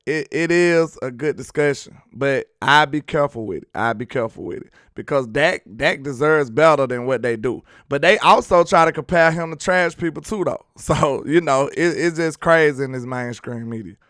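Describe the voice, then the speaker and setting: A man's voice: on the high side, normal speed, few pauses, a bit bright, no room sound, clean studio sound. A man hosting a casual sports livestream, reading chat comments aloud with laid-back slangy banter and frequent laughs. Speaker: sports talk livestream host.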